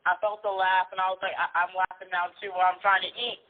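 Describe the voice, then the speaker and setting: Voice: mid-range voice, little pitch movement, fast talker. A caller on a radio show who talks in a candid, chatty way. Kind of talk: casual phone chat. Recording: tinny phone line.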